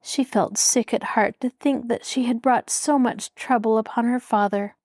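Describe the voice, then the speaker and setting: A woman host reading a mystery novel aloud as a measured, expressive storybook narration. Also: fairly high pitch. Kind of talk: scripted narration.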